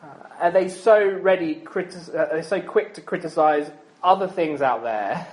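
A man's voice: fairly high pitch, moderate pace, low-quality recording. A man in his thirties preaching a sermon in a chatty, self-deprecating way, with frequent ums and asides.

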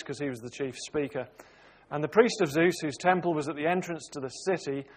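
A man leading a Bible study, praying and then reading scripture aloud in a measured, steady way. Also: on the high side. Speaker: preacher.

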